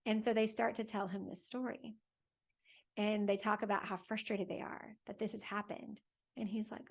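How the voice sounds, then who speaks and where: A woman tells a Bible story to children and families in an animated, chatty way, stopping to ask her listeners questions. Her voice is mid-pitched with a gravelly, creaky texture. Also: moderate pace. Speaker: catechist host for families.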